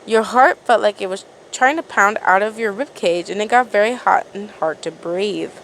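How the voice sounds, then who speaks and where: A woman's voice: mid-range voice, normal speed, fairly bright tone, a little hiss or hum, poor audio. A woman reading a second-person fan story aloud in a casual way, often stumbling over words and restarting. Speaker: fan fiction reader.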